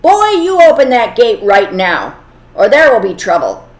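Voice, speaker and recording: A woman voicing a gruff, angry wealthy man on horseback who speaks loudly and threateningly, in an echoey room. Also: high-pitched, big pitch swings, unhurried, pitched above the performer's own voice, exaggerated voice.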